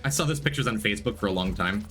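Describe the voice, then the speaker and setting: A man's voice: on the low side, expressive, racing, a bit bright, soft background music. A man streaming a game, chatting casually, rambling through a story and greeting viewers by name.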